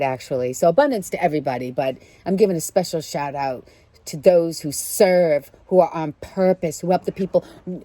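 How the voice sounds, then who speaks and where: Preachy, low-voiced woman reading cards. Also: mellow, dry recording. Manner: preachy, emphatic, repeats key phrases. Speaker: tarot card reader. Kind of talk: casual spiritual card reading.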